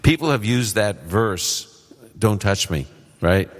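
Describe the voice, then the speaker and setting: A man answering Bible questions before a live audience, explaining in a relaxed, conversational way. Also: fairly low pitch, slow. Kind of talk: call-in Bible Q&A. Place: live event hall with audience. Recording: long hall reverb.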